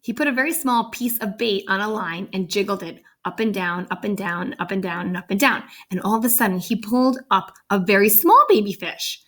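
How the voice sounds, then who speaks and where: A woman's voice: mid-range voice, fairly quick, few pauses, a bit bright. A woman reading a picture book aloud, breaking off for chatty, amused asides. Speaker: storybook reader. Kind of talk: read-aloud storytelling with asides.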